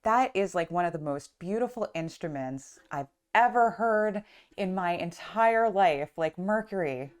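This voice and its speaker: A woman's voice: lowish voice, expressive, unhurried. A woman voicing a male sun god who is furious about his stolen cattle and then awed by music, in a casual storytelling aside. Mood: awestruck. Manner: indignant, then gushing.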